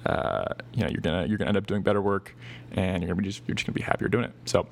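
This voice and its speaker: A young man in his twenties talks on his own podcast in a casual, rambling way, full of ums and restarted phrases. His voice sits a little low. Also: steady tone, rapid-fire, gravelly. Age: 20s. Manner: loose and rambling, many fillers and restarts. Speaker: podcast host. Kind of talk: casual solo podcast talk.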